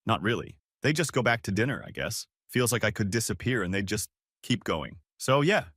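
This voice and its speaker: Guy in his 30s reading a forum post out loud, casual venting tone, voice jumps around a lot, dry close sound. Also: on the low side, big pitch swings, normal speed, breathy edge, dry recording. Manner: casual confessional storytelling. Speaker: story narrator.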